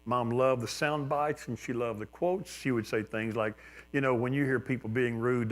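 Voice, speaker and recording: Older pastor telling folksy stories. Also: male voice, mid-range voice. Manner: folksy storytelling, acts out quotes with shifts in loudness. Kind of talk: sermon with personal stories. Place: church sanctuary.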